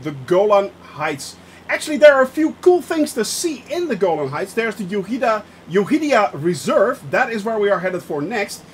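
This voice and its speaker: A man's voice: high-pitched, big pitch swings, normal speed, a little hiss or hum. A young man streaming a flight simulator, chatting casually with his viewers and laughing often. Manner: laughs often, reacts to chat. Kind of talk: casual live-stream chat.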